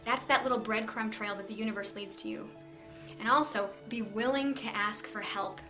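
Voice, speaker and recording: A middle-aged woman hosting a motivational video series, talking to camera with lively encouragement, numbered steps and little stories. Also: mid-range voice, moderate pace, over music. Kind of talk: upbeat motivational talk to camera.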